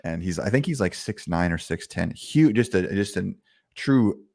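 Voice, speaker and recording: A man hosting a podcast, telling a rambling, animated story in casual chat. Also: low-pitched, moderate pace, creaky, dry recording, clean studio sound. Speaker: podcast host.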